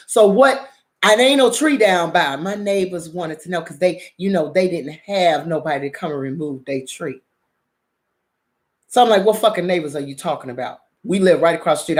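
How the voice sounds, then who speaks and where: A middle-aged woman telling a neighborhood story to her viewers, animated and profane, acting out everyone's lines. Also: fairly low pitch. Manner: animated, profane, acts out quotes. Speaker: drama vlogger.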